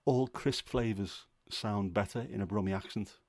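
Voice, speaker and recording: A man's voice: fairly low pitch, normal speed, darkish tone, no echo. A man hosting a casual livestream, chatty and opinionated, rambling with fillers. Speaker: livestream host.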